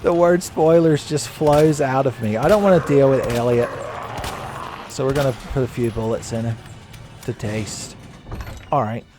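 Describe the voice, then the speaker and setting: Joking man with a slightly raspy voice. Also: medium pitch, moderate pace, long pauses, dark tone, slight background noise. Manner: joking, laughs at his own asides. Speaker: gaming commentator. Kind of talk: casual let's-play commentary.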